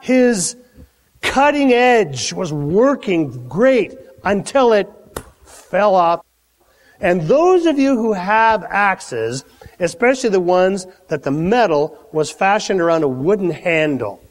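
A male pastor preaching a sermon in a conversational, animated way with dramatic swings from hushed to loud. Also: high-pitched. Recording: echoey hall.

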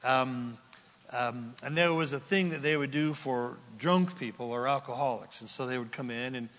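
A man preaching a sermon, telling stories in an animated way and acting out the people in them. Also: mid-range voice, moderate pace, big-room sound. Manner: animated storytelling, acting out voices, laughing. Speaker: pastor.

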